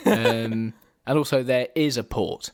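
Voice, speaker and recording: A young man from England co-hosts a casual podcast with a relaxed, deadpan humor, and his voice sits mid-range. His sentences often trail off quietly at the end. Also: medium pitch, slow pace, dry recording, clean studio sound. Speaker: podcast co-host.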